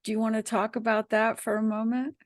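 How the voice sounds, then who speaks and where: Woman host gently asking questions. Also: on the high side, little pitch movement, brisk, no room sound, studio quality. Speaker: interview host. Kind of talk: interview questions.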